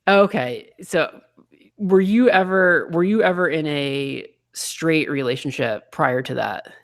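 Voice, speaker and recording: Chatty guy hosting a talk show, gravelly voice, loose and rambling. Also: on the high side, slow, fairly bright tone. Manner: chatty, lots of fillers and restarts. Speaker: host. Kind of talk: casual chat.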